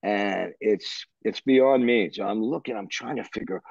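An older man from Canada, an interview guest telling anecdotes in an animated, rambling way. He restarts his sentences and swears. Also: medium pitch, moderate pace, gravelly, hardly any pauses, no room sound, lo-fi sound. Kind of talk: anecdotal storytelling.

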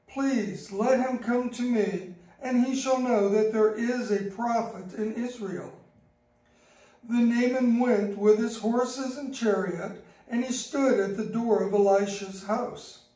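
A woman giving a slow, measured liturgical Bible reading in church. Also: fairly high pitch, dark tone. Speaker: scripture reader. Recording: echoey church from far off.

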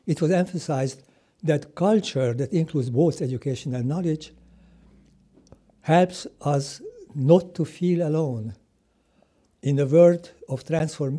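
Older man, formal opening speech, measured reading pace, very dark timbre, husky. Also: fairly high pitch. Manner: measured, read-from-notes delivery with brief self-corrections. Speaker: president of the national UNESCO commission, giving a welcome speech.

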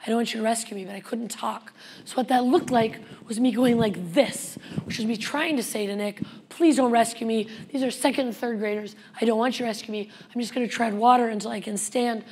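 A young adult woman speaking at a conference, telling a lively personal story and acting out the voices of the people in it. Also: fairly high pitch, brisk, slight background noise. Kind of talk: storytelling keynote talk.

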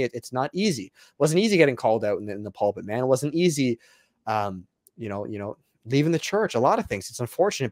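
A man's voice: medium pitch, a little mellow, no room sound, clean studio sound. A young man, an evangelist and guest, talking bluntly and emphatically, as if preaching. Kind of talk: casual interview talk.

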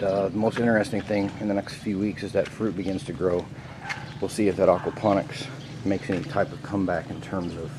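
Low-voiced male home gardener, casual rambling vlog, curses offhand, outdoors with noise behind. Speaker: home gardener showing his plants. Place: outdoors by a garden in front of a house.

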